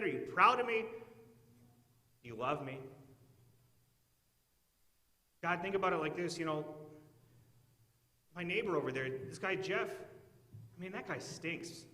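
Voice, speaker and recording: A man's voice: high voice, animated, a little fast, long pauses, bright, forceful tone, pitched above the performer's own voice. A man acting out an anxious everyday man bargaining with God, pleading and wheedling with rising questions, in an echoey church hall.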